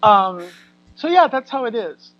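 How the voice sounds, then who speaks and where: An American actress talking casually as a guest in an interview, animated and laughing often as she acts out what people said. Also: on the high side, a little slow, dry recording, muffled recording. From United States. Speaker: guest actor.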